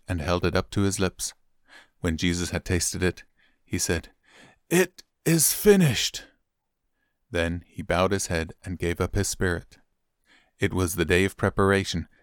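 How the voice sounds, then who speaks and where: A man reading a Bible chapter aloud in steady, clear narration. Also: low-pitched, dry recording, studio quality. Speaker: Bible reader. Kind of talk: scripted scripture reading.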